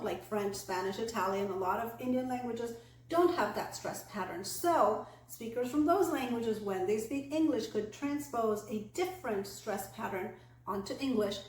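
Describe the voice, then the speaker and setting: A woman with a slightly high voice teaches English pronunciation in a clear, deliberate way, slowing down to model example sentences. Her voice rings a little in an echoey room. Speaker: English accent coach. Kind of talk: online English pronunciation lesson.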